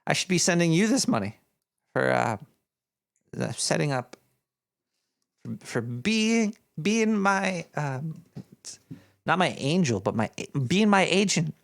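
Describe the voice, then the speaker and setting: Speaking slowly and pausing often, a man voices a paranoid cartoon rat radio host in an exaggerated, gravelly, fairly high voice with big pitch swings. He reads donations aloud in scatterbrained, rambling live-stream chat with jokey asides.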